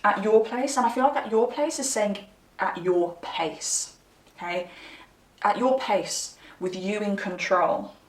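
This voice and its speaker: A woman's voice: mid-range voice, a little slow, reverberant, distant mic. Chatty woman giving a tarot reading. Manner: chatty, candid, addresses viewers directly. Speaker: tarot reader. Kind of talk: pick-a-card tarot reading.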